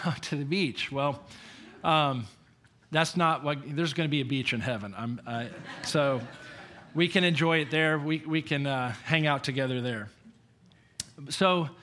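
A man preaching a conversational sermon, telling personal stories in an animated way and chuckling as he goes. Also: a little high. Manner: storytelling, animated, chuckling often. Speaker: pastor.

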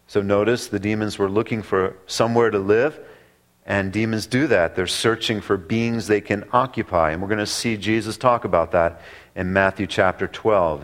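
A man preaching a sermon that works through a passage, speaking deliberately with drawn-out pauses and emphatic repetition. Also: fairly low pitch. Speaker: pastor. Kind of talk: expository sermon.

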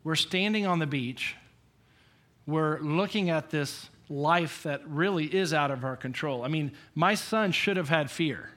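A man preaching a conversational sermon, telling personal stories in an animated way and chuckling as he goes. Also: on the high side, measured pace. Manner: storytelling, animated, chuckling often. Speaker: pastor.

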